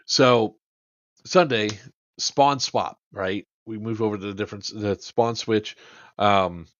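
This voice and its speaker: A man's voice: fairly low pitch, takes it slowly, a bit bright, lo-fi sound. A man hosting a podcast, casually and animatedly recounting an airsoft game, swearing and acting out the quotes with plenty of fillers. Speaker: podcast host.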